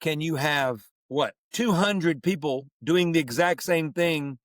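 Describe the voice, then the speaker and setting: A man's voice: on the high side, unhurried, no echo, studio quality. A man co-hosting a podcast, chatting casually and telling funny anecdotes. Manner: joking, tells funny anecdotes. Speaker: podcast co-host. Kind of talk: casual conversation.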